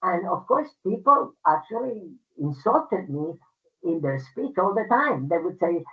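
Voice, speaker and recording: A woman's voice: lowish voice, big pitch swings, unhurried. Older Puerto Rican-accented woman, emphatic personal storyteller, tinny phone-like audio. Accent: Puerto Rican Spanish. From Puerto Rico. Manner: emphatic, conversational, frequent fillers. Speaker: guest speaker.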